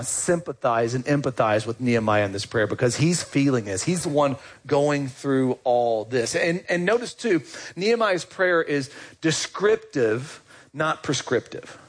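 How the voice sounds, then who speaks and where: A pastor delivers a sermon in a relaxed, conversational way, often asking the congregation questions. His voice sits a little high for a man, with a husky edge. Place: church.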